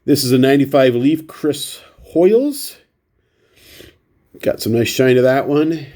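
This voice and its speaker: A man's voice: mid-range voice, animated, a little slow, mellow. A man with a runny, stuffy nose chatting casually through a stack of baseball cards, rambling and poking fun at himself. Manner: rambling, self-deprecating, shows cards one by one. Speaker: baseball card vlogger. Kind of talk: casual chat.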